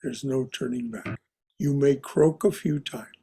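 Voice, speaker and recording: A man teaching a spiritual class in a slow, reflective way, often repeating his phrases softly. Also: medium pitch, a little hiss or hum. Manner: repeats phrases, soft and contemplative.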